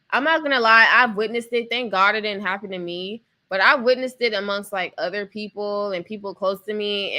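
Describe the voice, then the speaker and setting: Chatty woman live-streaming, bright voice. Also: medium pitch. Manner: chatty, addresses the chat, drawn-out fillers. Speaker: host. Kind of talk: casual live-stream commentary.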